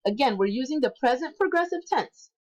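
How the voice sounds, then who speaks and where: A woman as an instructor in a recorded lesson, patiently repeating words slowly for learners and correcting herself aloud. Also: sits high, lively intonation, low-quality recording. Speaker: Spanish instructor.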